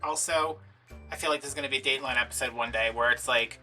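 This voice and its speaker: A chatty man from Louisiana tells a rambling story in a casual vlog, his voice bright and forward, with sarcastic asides. He sits back from the mic, and soft music plays behind him. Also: medium pitch, fairly even intonation, fast talker, far from the mic. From Louisiana, USA. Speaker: crafting vlogger.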